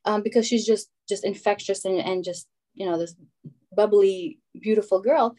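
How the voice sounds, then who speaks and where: A woman in her thirties telling stories in casual conversation, animated and acting out what others said. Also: mid-range voice, moderate pace. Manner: animated storyteller, acts out quotes.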